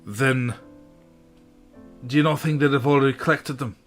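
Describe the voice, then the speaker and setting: A gruff, wary dwarf with a Scottish accent, put on by a man at the game table, answering in short, dismissive, old-fashioned phrases. His voice sits in a middling register. Faint guitar music plays in the background. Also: mid-range voice, fairly even intonation, moderate pace, lightly acted. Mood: curt, suspicious. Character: gruff, suspicious male dwarf worker. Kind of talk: improvised tabletop role-play.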